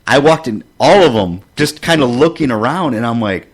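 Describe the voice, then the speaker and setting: A man's voice: mid-range voice, lively intonation, normal speed. A man chatting casually as a podcast co-host, reflective and rambling with lots of fillers. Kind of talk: casual chat.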